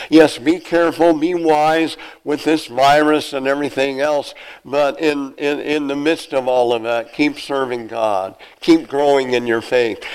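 A man preaches a sermon, moving between conversational exhortation and reading Bible verses aloud. His voice sits at a middle pitch and sounds earnest and plain-spoken. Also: poor audio.

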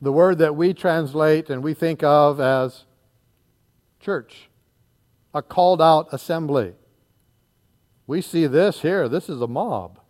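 A man preaching an expository sermon, reading scripture aloud and explaining it verse by verse, acting out the crowd and dropping into quiet asides. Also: takes it slowly, long pauses. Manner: animated, acts out the crowd, dropping to low asides.

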